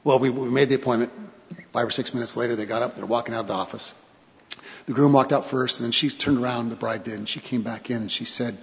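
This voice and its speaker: Gravelly man preaching in reverberant church. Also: mid-range voice, expressive. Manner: storytelling, with pauses for emphasis and repeated phrases. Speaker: pastor. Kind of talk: sermon. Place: church sanctuary.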